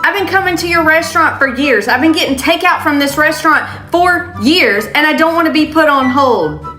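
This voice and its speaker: A woman voicing a pushy, entitled customer ordering over the phone, shrill and insistent. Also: lively intonation, fairly quick, pushed and bright. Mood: demanding. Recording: roomy echo with music.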